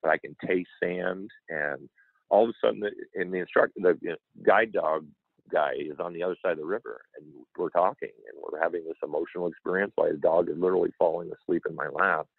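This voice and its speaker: A man's voice: sits low, quick pace, vocal fry, slightly rough, dry recording. A man telling an emotional personal story as an interview guest, earnestly acting out what others said. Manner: earnest, animated, acts out quoted dialogue. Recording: tinny phone-like line.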